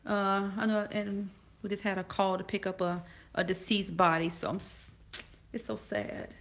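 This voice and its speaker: A woman in her forties chatting casually to a live audience, talking fast and often pausing to find her words. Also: medium pitch, a bit bright. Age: 40s. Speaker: vlogger.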